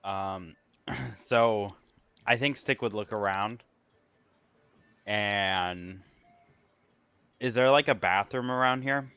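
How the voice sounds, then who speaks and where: Brief: a halting tabletop player, a man with a bright, crisp voice, dry sound. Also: on the low side, no echo, muffled recording, soft background music. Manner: halting, restarts often, giggly. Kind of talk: casual tabletop play.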